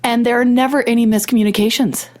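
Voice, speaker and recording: Her voice is fairly high and darkish, with steady tone and a quick pace. A middle-aged podcast host recovering from a cold, she recounts a personal story casually, quoting what people said and poking fun at herself.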